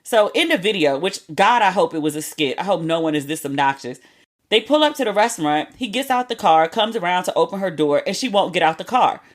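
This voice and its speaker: Chatty, candid woman host with a lowish voice. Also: expressive, fairly quick. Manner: candid, chatty, with slang and cursing. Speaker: podcast host. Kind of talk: casual storytelling monologue.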